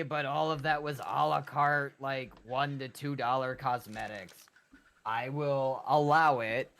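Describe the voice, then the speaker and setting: A man's voice: mid-range voice, creaky, bright, forceful tone. A man chatting casually while gaming with a friend, rambling and playfully sarcastic. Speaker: co-op gaming partner.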